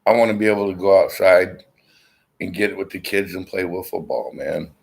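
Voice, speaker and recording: A middle-aged man with a very low, gravelly voice talks to his viewers from his armchair. His rambling, blunt chat is full of swearing, and it is picked up by a laptop's built-in mic. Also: steady tone, moderate pace, rough recording. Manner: rambling, profane, blunt storyteller. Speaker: vlogger. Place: at home, seated in an armchair.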